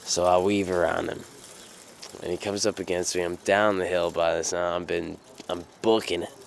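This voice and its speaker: Young man, low pitch, gravelly, rambling anecdote, lots of fillers. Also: flat delivery, moderate pace, slight background noise. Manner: rambling, many fillers and restarts, casual swearing. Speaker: storyteller. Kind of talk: casual personal anecdote.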